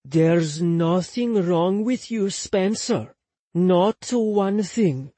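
A kind young woman speaks softly and tenderly, drawing out her words, as a male narrator puts her on. Her voice is lifted a little and slightly husky. The recording is close and dry. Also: high voice, lively intonation, no echo, voice pushed up, heavily acted. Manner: soft, tender and slow. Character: kind, motherly young woman comforting a friend. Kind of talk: audiobook character reading.

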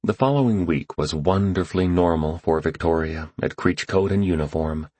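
A man reading a novel aloud as narrator, in measured, even storytelling. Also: low voice, dry recording. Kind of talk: scripted audiobook narration.

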